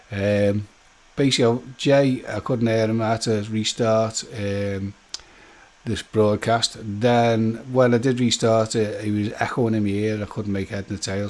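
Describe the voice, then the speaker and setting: A man hosts a casual live stream in a mid-pitched voice. He rambles in a chatty, jokey way, fills his talk with ums and restarts, and speaks straight to his viewers by name. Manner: loose rambling talk with many fillers and restarts.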